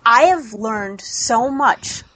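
A woman co-hosting a casual podcast chat, upbeat and quick to laugh. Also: fairly high pitch, animated, fairly bright tone, low-quality recording. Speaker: podcast co-host.

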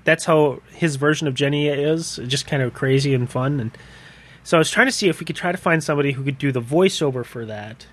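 A man's voice: a little high, brisk. A man hosting a casual podcast, rambling with frequent laughs and fillers. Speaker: podcast host. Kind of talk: casual chat.

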